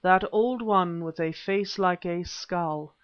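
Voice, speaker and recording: A man reading an audiobook, voicing an ancient, half-human male wizard-priest who speaks in a slow, rumbling, threatening way. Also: a bit bright, clean tone. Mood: menacing. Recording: dull lo-fi recording.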